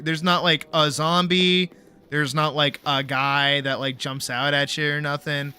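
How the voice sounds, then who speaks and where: A man's voice: fairly high pitch, level tone, measured pace, bright, forceful tone, smooth. A young man streaming a game, telling a story in a rambling, laid-back way, swearing freely and saying "like" a lot. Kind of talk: casual storytelling while gaming.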